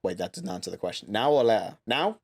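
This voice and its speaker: A man's voice: on the low side, fast, husky. Chatty man, swearing freely. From England. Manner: animated, swears a lot, slips into mock accents. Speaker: streamer host. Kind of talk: casual chat.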